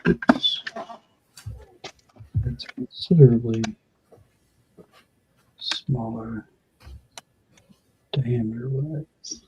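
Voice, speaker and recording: A man chatting casually on a stream, making slow, low-key remarks. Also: steady tone, background noise. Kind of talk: casual chat. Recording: dull, muffled audio.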